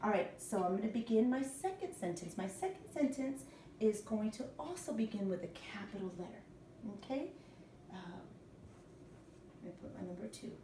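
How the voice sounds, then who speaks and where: A woman's voice: medium pitch, very animated, normal speed, noisy background. A woman teacher giving a morning lesson to young children, patient and spelling words out letter by letter. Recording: echoey room, mic at a distance.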